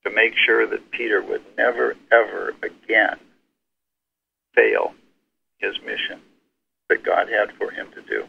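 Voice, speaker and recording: A man's voice: on the low side, fairly even intonation, unhurried, gravelly, long pauses, slight background noise. A man taking part in an informal Bible study discussion, speaking firmly and emphatically. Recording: tinny phone line.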